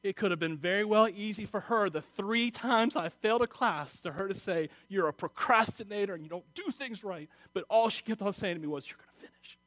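A middle-aged man preaching a sermon, emotional, moving from quiet confiding talk to loud exhortation. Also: sits high, a little fast, few pauses, no echo. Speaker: pastor.

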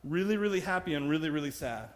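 A man's voice: on the high side, expressive, fast, long reverb tail. A man preaching a sermon in a church, joking about himself and laughing often as he speaks. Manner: humorous, self-deprecating, laughs often. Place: church sanctuary.

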